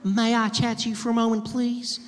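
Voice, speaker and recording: A man's voice: extremely high pitch, little pitch movement, fairly quick, voice pushed up. Man putting on a sugary belle. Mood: flirty. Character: flirtatious Southern belle woman, bold. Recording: live stage in a hall with a laughing crowd.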